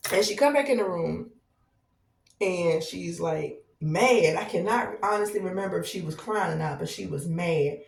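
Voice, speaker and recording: A woman in her thirties, a podcast host telling a long personal story in a casual, animated way, repeating herself as she goes. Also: on the low side, creaky. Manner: animated, conversational, drawn-out repetitions. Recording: roomy echo, distant from mic.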